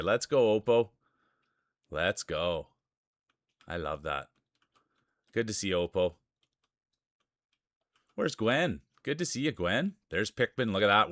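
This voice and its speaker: Speaking in a low, sharp voice, this chatty Canadian man jokes his way through live marble race commentary while greeting viewers by name. It's clean studio audio without any room sound.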